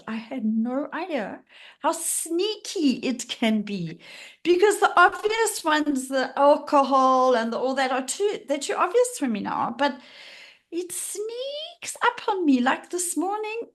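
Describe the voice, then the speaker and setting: A middle-aged woman talking frankly and emotionally about her own struggles as a guest on a podcast, often laughing as she speaks. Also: sits high. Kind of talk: candid personal conversation.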